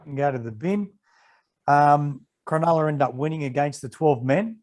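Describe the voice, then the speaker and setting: Australian man telling lively anecdotes. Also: fairly high pitch, normal speed. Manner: animated anecdotes, acting out quoted exchanges. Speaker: retired rugby league referee, podcast guest. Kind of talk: casual storytelling interview.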